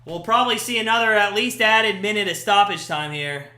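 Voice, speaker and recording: A man hosting a live watch-party stream, giving chatty play-by-play that jumps to shouts at big chances. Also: high-pitched, a little fast. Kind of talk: casual watch-party commentary. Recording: echoey room.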